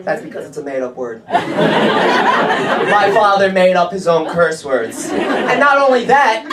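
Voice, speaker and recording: A man's voice: sits high, sing-song, slow, heavy background noise. A man doing a stand-up comedy set, with a brash, profane, punchy delivery. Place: comedy club stage. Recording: echoey comedy club with laughing crowd.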